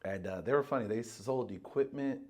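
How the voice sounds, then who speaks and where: A man's voice: medium pitch, a little fast. A man guest casually telling a story on a podcast, acting out quotes and swearing freely.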